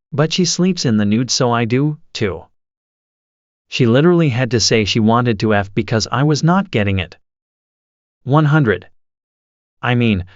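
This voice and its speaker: A man's voice: mid-range voice, no room sound. Man reading forum stories, dry and dull. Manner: even, steady reading with numbered entries. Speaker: narrator. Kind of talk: reading forum posts aloud.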